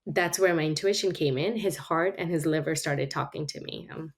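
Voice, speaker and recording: A middle-aged woman with a fairly low voice chats as a podcast guest. She tells personal stories with lively animation and laughs through them easily. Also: moderate pace. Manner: animated storytelling with frequent laughs. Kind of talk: casual conversation.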